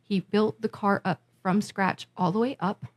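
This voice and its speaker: A woman's voice: medium pitch, moderate pace. A woman from Massachusetts, a musician and festival organizer, tells her stories on a podcast with a lot of feeling. She talks in an ordinary middle register and acts out what others said. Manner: animated, emotional storyteller, acts out quotes. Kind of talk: casual podcast chat, storytelling.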